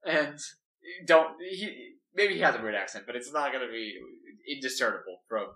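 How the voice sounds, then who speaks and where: A man's voice: medium pitch, lively intonation, moderate pace, sharp tone. A man talking through a story plan casually, rambling and filling gaps with "like". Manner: rambling, full of "like". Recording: echoey room, mic at a distance.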